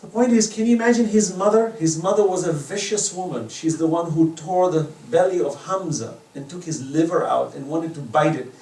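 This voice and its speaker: An Islamic lecturer with a fairly high-pitched voice speaks at a moderate pace with few pauses, delivering an impassioned talk in a private home that blends stories with moral lessons. His loudness swings widely, and he's captured from a distance in an echoey room with faint noise.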